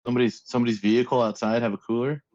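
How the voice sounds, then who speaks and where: A man's voice: mid-range voice, flat delivery, rapid-fire, a little mellow, dry recording. Hesitant man with a dull, dry sound. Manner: hesitant, uses many fillers. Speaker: player. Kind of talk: casual tabletop play.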